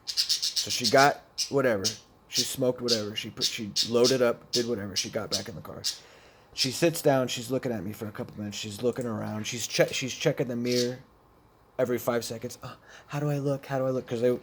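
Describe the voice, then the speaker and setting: A man telling a personal story about addiction in a blunt, profane way, with many restarts. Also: medium pitch. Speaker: speaker sharing addiction experiences. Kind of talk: personal storytelling, recovery talk.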